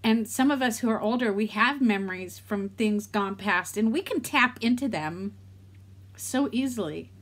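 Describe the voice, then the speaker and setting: A woman's voice: mid-range voice, normal speed. A middle-aged woman speaks candidly to her vlog viewers. Her talk rambles from thought to thought as she coaches herself along. She sounds close to tears. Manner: candid, rambling and self-talking. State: emotional, near tears. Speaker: vlogger.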